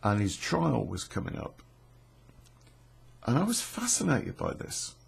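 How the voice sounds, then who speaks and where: Bloke spinning a yarn, raspy gravelly voice, slow and rambly, swears a lot. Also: male voice, mid-range voice, wildly swooping pitch. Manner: rambling, swears freely, many fillers and restarts. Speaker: storyteller. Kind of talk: casual spoken storytelling.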